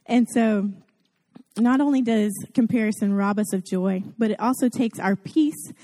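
Southern woman, warm-hearted church talk, somewhat high voice, self-deprecating, chatty delivery. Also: moderate pace. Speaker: guest preacher at a church service. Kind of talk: casual Mother's Day sermon.

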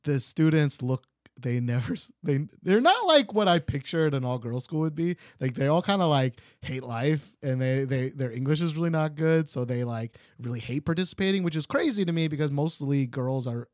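A man's voice: on the high side, big pitch swings, brisk, a little mellow, no echo, studio quality. A young man from Texas with a Texan accent, hosting a podcast in loose casual chat, rambling with many restarts. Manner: rambling, many restarts and fillers, laughs at himself. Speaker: podcast host.

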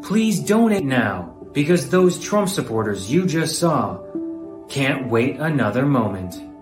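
A man's voice: mid-range voice, very animated, slow, reverberant, over music. A man voicing a parody charity appeal in a solemn, pleading tone.

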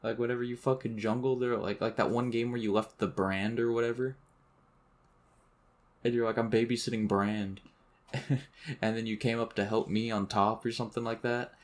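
A man's voice: mid-range voice, moderate pace. A man co-hosting a podcast, chatting casually, swearing freely and laughing often as he tells stories about online games. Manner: laughing, swearing, animated storytelling. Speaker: podcast co-host. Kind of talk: casual chat.

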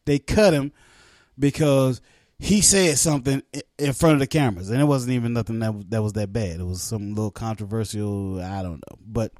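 A man co-hosting a podcast, talking in loose, animated, swearing banter and laughing often. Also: medium pitch, moderate pace, dry recording, clean studio sound. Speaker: podcast co-host. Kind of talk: casual chat.

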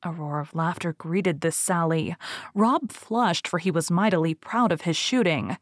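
A woman reading a storybook aloud as audiobook narrator, in a measured, expressive way. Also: fairly low pitch, no echo, clean studio sound.

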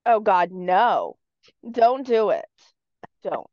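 Woman co-host, casual and opinionated, mid-pitch, dry and slightly dull recording. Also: big pitch swings, darkish tone, no echo. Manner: opinionated, quick to reject slang she dislikes. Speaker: podcast co-host. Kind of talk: casual chat.

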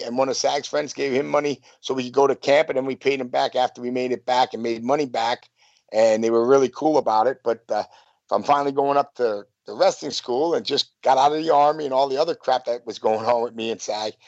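A man's voice: medium pitch, a little mellow, dry recording. A man in his fifties, a former wrestler, tells rambling stories in a casual interview, full of restarts and "you know". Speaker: guest, former pro wrestler. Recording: dull lo-fi, dry sound.

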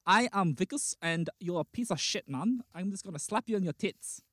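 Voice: medium pitch, animated, moderate pace, a bit bright, no echo, clean studio sound, natural voice. A podcaster putting on a brash South African tough-guy voice with a put-on South African accent. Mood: cocky. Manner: brash, mock-threatening.

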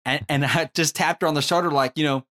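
A man in his thirties with a slightly high voice talks in loose, halting casual chat. He restarts his sentences again and again, stumbles along, and sometimes gets loud and excited. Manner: rambling, halting, many restarts, bursts into loud excited yelling.

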